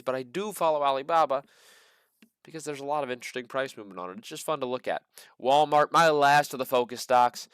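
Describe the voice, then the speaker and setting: Joking man with a smooth voice. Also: mid-range voice, a bit bright, dry recording, studio quality. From American Midwest. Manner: joking, rambling asides with sarcastic quips. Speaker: stock market channel host. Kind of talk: casual commentary on earnings reports.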